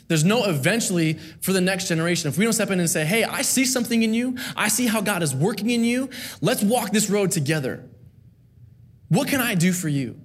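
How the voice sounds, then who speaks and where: A man preaching a sermon to a church, earnest and rhythmic, repeating key phrases with rising emphasis. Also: fairly high pitch.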